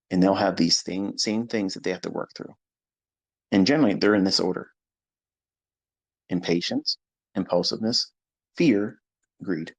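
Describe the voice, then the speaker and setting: A man as a trading mentor, lecturing his followers in a live audio room in a blunt, profane way, dropping low and quiet, then rising loud and high. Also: normal speed, vocal fry, pauses often.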